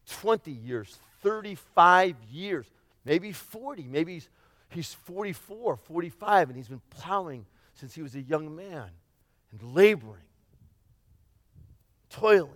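A man preaching with a high voice in a dry, close sound. He retells a parable dramatically, shouting one moment and dropping almost to a whisper the next. He acts out the characters in his own voice. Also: expressive, slow, no echo. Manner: dramatic, swings from loud shouts to near-whispers. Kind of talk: sermon.

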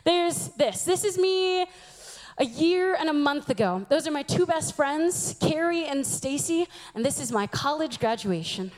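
A woman in her twenties giving an animated sermon, acting out the voices she quotes. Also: high-pitched, unhurried. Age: 20s.

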